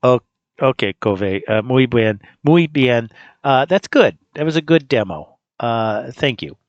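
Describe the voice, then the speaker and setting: A man hosting a casual demo, talking in a relaxed, rambling way with fillers. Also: medium pitch, a little slow, dry recording, lo-fi sound. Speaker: host demonstrating an app. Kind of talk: casual screen-recorded demo.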